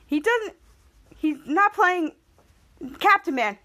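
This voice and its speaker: High-voiced woman recapping a show. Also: lively intonation, slow pace, sharp tone. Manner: chatty and upbeat, acts out the characters' lines while retelling. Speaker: podcast host. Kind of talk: casual episode recap.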